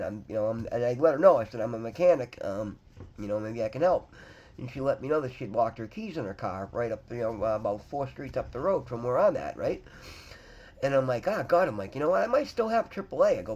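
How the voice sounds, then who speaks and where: A man's voice: medium pitch, darkish tone, muffled recording, a little hiss or hum. A man telling a personal story in a rambling, earnest way, full of fillers and restarts. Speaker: vlogger in recovery.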